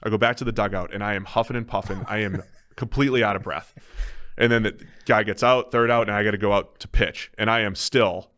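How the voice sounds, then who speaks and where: A man hosts a podcast with loose, casual banter. His voice sits a little low, and he tells his stories in an easygoing way, often chuckling through them. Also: steady tone, a little fast, a bit bright. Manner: laughs through his own anecdotes. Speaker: podcast host.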